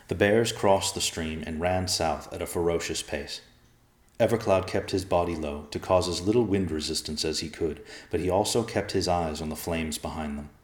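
A man giving a steady, measured audiobook narration of a fantasy tale. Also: low voice, echoey room.

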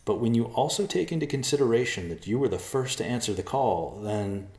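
A man plays a nervous grown man in a storybook reading, pleading earnestly and stumbling over his words. The voice is pitched above the reader's deep own, with a roomy echo. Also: animated, a little fast, darkish tone, lightly acted. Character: nervous adult man, apologetic schemer.

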